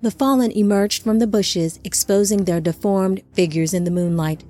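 A woman's voice: mid-range voice, fairly even intonation, moderate pace, hardly any pauses, mellow, soft background music. Woman narrating a fantasy audiobook.

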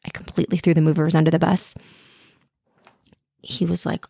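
A woman's voice: sits low, flat delivery, moderate pace, vocal fry, pauses often, dark tone, no echo, studio quality. A woman in her thirties hosting a podcast, telling candid personal stories in a frank, self-deprecating way and swearing freely. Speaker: podcast host. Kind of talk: candid personal storytelling monologue.

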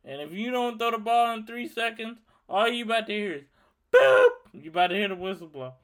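A young man in his twenties from Louisiana, hosting a solo podcast and telling a story in a heated, profane, animated rant. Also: high-pitched, quick pace. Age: 20s. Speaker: podcast host. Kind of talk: ranting solo monologue.

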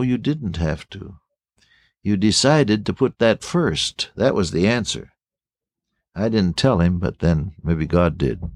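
A man preaching a sermon in an earnest way, slowing down to stress key phrases and swinging his voice up and down. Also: medium pitch, darkish tone, no room sound, studio quality. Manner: earnest, rising and falling emphasis, slow stress on key phrases.

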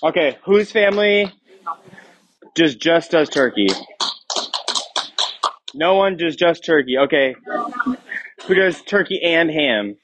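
A man's voice: fairly high pitch, lively intonation, slow pace, pauses often, muffled recording, noisy background. A man in his thirties giving a casual, joking sermon to a youth group as youth pastor, often asking the crowd questions. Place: church youth room.

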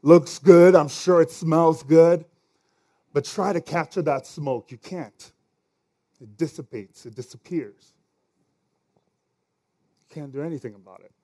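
A man preaching a sermon in a conversational way, full of fillers, swinging between loud lines and hushed ones. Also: a little high, a little slow, long pauses.

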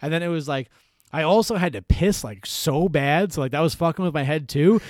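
A young man in casual chat, telling animated, rambling stories full of swearing. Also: a little high, fairly quick, no room sound, studio quality.

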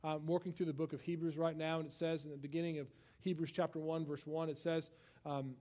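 A young man preaching a sermon in a conversational style, swinging from hushed tones to loud outbursts. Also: fairly high pitch, flat delivery, brisk. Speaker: pastor.

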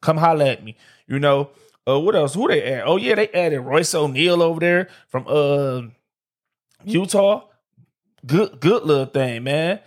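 A man's voice: fairly high pitch, lively intonation, a little slow. A man from Detroit hosting a solo sports podcast, talking in a loose, slangy way and often repeating "like I said" and "man". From Detroit, USA. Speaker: podcast host. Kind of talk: casual solo sports talk. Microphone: streamed live on camera.

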